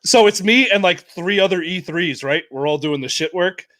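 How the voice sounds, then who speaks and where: A man with a somewhat high voice tells Navy stories on a casual podcast. He swears freely and acts out the shouting voices of the people in his stories. The sound is dry and close. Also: moderate pace, no echo. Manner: profane, animated storyteller acting out shouted quotes. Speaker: podcast co-host, Navy veteran. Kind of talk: casual storytelling chat.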